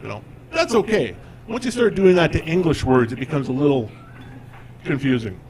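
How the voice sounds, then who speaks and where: A man's voice: fairly high pitch, very animated, normal speed, darkish tone, a little hiss or hum. Man in his forties doing stand-up. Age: 40s. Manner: conversational, self-deprecating punchlines. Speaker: stand-up comedian. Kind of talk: stand-up comedy routine. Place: live comedy stage. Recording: live audience in a comedy club.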